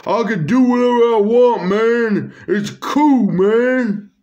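A brash, pushy male Easter Bunny who taunts and jeers in a loud, raised voice, as a man reading his story puts him on. He talks in rough slang. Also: very high voice, slow, highs cut off, pitched above the performer's own voice. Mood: taunting.

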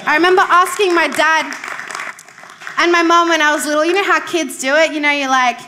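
Bright-voiced woman preaching a sermon. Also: sits high, steady tone, a little fast, some chatter behind. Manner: conversational and emphatic, asks the congregation questions; repeats key phrases for emphasis. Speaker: pastor.

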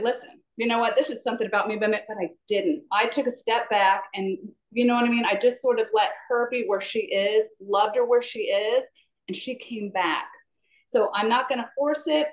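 A woman's voice: a little high, low-quality recording. Eager rambling woman. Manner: eager, apologetic, rambling with many ums. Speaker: class participant. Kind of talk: sharing a personal testimony. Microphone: video call.

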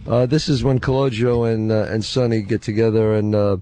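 A man's voice: on the low side, steady tone, brisk, dark tone, no echo. A man appearing as an actor guest, encouraging others in casual radio chat. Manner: encouraging, husky.

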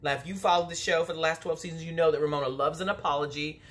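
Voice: mid-range voice, steady tone, rapid-fire, a bit bright. A vlogger giving a casual, gossipy episode recap, chatty and opinionated, full of "you know" and "like". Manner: sassy and opinionated.

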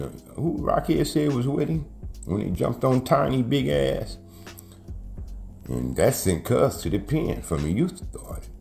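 A middle-aged man with a deep, slightly mellow voice tells street stories. His storytelling is casual, profane, and heavy with slang, and he acts out the quotes.

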